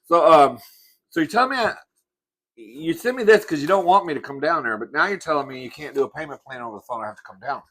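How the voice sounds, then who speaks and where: A man's voice: on the high side, animated, fast talker, a bit bright. A man hosting his own show, ranting to the camera in a sassy, profane way while eating. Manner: sassy, profane, calls listener "girl". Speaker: host. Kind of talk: comic rant to camera.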